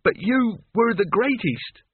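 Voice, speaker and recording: A man's voice: high voice, expressive, slow, husky, dry recording, voice pushed up, full character voice. A man voicing an earnest, weary young man who pleads eagerly, on a tinny, dry recording. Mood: pleading.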